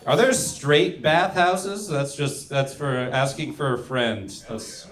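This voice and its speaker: A man's voice: mid-range voice, takes it slowly, a bit bright. A young man doing a stand-up set, delivering one-liners and trailing off into mumbles between jokes. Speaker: stand-up comedian. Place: comedy club stage.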